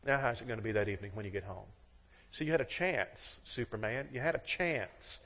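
A man's voice: mid-range voice, expressive, fairly quick, a bit bright. A man giving a sermon to a congregation, telling folksy stories and acting out the voices of the people in them. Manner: folksy storytelling, acts out quoted voices. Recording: long hall reverb.

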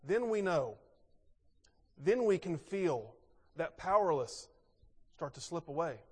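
A pastor preaching a sermon, asking rhetorical questions and moving between emphatic and quiet delivery. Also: male voice, a little high, slow, breathy edge. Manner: expressive, rhetorical questions, swings between loud and soft. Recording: long reverb in a large hall.

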